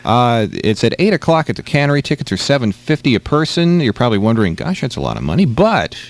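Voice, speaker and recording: A man's voice: mid-range voice, very animated, fast. A man co-hosting a midday radio show, chatting casually, reading the weather and announcements in an easygoing way. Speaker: radio co-host.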